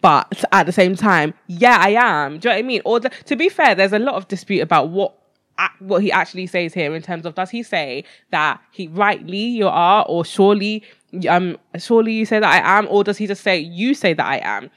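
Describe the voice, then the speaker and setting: A woman in casual conversation who talks through Bible passages, reading verses aloud and explaining them with lively slang. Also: mid-range voice, fairly quick, no room sound, studio quality. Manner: animated, slangy, reads scripture aloud.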